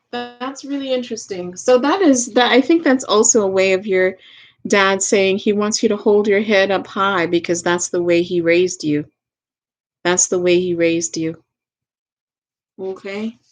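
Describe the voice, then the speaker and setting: A medium-pitched woman with a Southern US accent gives a live tarot reading as a medium. She is gentle and unhurried, repeats her phrases, and laughs softly now and then.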